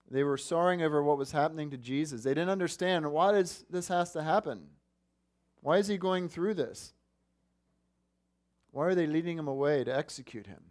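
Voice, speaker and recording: This pastor's voice sits fairly high and sounds a bit mellow. Preaching with earnest conviction, he keeps asking the congregation questions.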